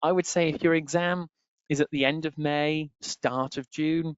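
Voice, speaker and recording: A man's voice: a little high, steady tone, normal speed, smooth. A man teaching an exam-prep webinar in a chatty, repetitive way. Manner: chatty, repeats filler phrase "on there". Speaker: exam tutor. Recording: dry, slightly dull webinar audio.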